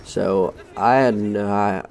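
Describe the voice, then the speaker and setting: A young Englishman with a low, gravelly voice telling a school story over gameplay. He sounds dark and mellow in tone, and his delivery is casual, rambling and sweary. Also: fairly even intonation, slow pace, a little hiss or hum. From England. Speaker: gaming channel host.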